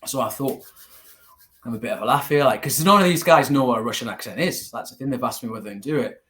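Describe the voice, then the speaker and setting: A man with a Geordie accent answers a host's questions, spinning lively anecdotes with an easy, storytelling manner. His voice sits at an ordinary middle pitch for a man. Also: quick pace. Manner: storytelling, animated, laughs easily. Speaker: guest, martial arts teacher. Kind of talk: casual interview.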